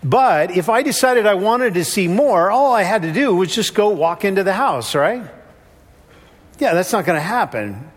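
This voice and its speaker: High-voiced man preaching in a reverberant hall. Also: very animated, moderate pace. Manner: conversational, acts out quoted voices. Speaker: pastor. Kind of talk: sermon.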